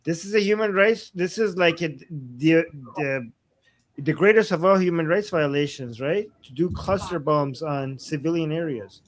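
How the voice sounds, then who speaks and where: A man co-hosting a live news stream, giving animated, opinionated commentary and teasing his co-host. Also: on the high side, moderate pace.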